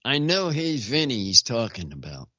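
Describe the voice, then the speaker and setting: A male talk show host with a lively, swooping pitch that rises and falls. He rambles, circles back and restarts his sentences. The sound is dry and slightly dull, like a low-fi stream. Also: dry recording. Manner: rambling, repeats himself, halting restarts. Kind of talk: casual chat. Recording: dull lo-fi audio.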